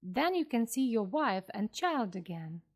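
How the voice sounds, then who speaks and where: A woman voicing an old, bitter male sea captain who is obsessed with a whale, in a slowly read storybook for learners. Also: a little high, very animated, heavily acted. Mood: firm. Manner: weary and brooding, bursting into loud commands.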